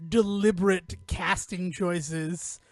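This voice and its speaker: High-voiced man in a lively podcast chat. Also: slow pace, no echo. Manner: animated, rambling, swearing, jumps into quoted voices. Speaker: podcast co-host.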